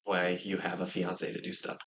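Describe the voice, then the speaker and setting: A man's voice: sits low, completely flat delivery, normal speed, fairly bright tone. Easygoing young man co-hosting a podcast. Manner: easygoing, self-deprecating, nervous about spooky topics. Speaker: podcast co-host. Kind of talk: casual podcast chat.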